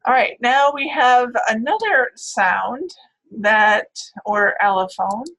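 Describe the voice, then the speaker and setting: A woman lectures on phonetics in a bright, clear voice. She explains patiently, often pausing to check in with her class before moving on. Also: a little high, animated, rough recording. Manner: explanatory, with frequent "right?" and "all right".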